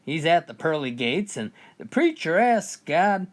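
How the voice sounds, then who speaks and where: A man's voice: a little high, big pitch swings, a little slow. A man telling jokes in a folksy storytelling style, often opening his lines with "well.". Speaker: joke teller. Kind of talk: told jokes, comic storytelling.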